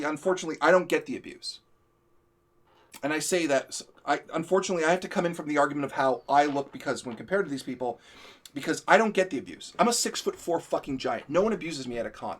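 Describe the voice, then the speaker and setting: A man hosting a live stream, venting in a heated, profane, emphatic rant. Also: on the high side. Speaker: show host. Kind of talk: ranting live-stream chat.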